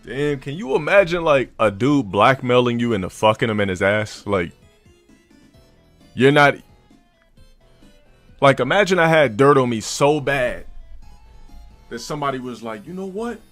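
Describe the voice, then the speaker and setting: A man streamer telling a crude story in a profane, animated rant. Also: mid-range voice, measured pace, pauses often, soft background music. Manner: profane and animated, with laughs and fillers.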